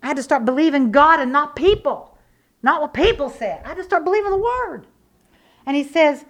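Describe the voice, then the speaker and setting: High-voiced fervent woman preacher. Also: lively intonation, brisk. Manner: fervent, repetitive, rhetorical questions; emphatic and testifying. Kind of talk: sermon.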